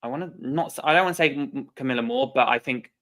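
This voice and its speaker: Male podcast co-host, casual chat, middle pitch, halting delivery. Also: a bit bright. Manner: halting, trips over words.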